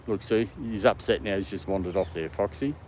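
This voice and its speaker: Brief: Australian male livestream host, lowish voice, relaxed chat outdoors with faint background noise. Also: brisk. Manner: chatty, reads out and answers viewer comments, talks to his dog. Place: outdoor dog park.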